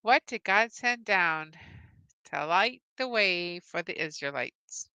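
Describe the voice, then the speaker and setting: Cheerful woman hosting bright Bible trivia. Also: lowish voice, lively intonation, takes it slowly, clear, resonant tone, no echo, muffled recording. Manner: cheerful, laughs often, greets and reads out viewers. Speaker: host. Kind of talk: live-stream Bible trivia with chat.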